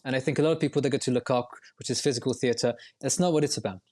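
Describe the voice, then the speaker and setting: A man's voice: medium pitch, very fast, a little mellow. A man as a podcast guest, explaining at length in a reflective, winding way with frequent restarts. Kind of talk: podcast interview.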